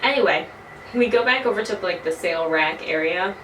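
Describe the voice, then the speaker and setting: Young woman, early 20s, animated storyteller who swears freely, recorded on a camera mic from a distance in a roomy space. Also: on the low side, fairly quick. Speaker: vlogger. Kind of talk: casual storytelling. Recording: roomy, from a distance, faint noise.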